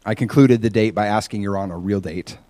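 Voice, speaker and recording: Middle-aged male preacher, lively storyteller, dry close sound, acts out quoted people. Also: on the low side, fairly quick, no echo. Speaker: pastor. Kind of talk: sermon with personal stories.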